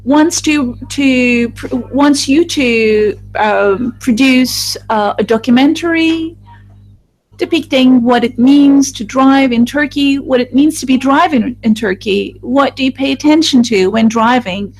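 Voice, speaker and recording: Halting woman interpreting a group discussion. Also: high voice, a little mellow, poor audio. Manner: halting, with restarts and fillers. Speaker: voice-over interpreter for a focus group. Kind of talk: live interpreting voice-over.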